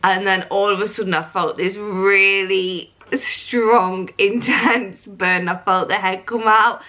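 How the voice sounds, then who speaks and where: A woman's voice: medium pitch, steady tone, takes it slowly, bright, forceful tone. A young woman, chatting casually as she tells a story to camera, laughing often and acting out what others said. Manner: chatty, laughs often, acts out quoted lines. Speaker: vlogger.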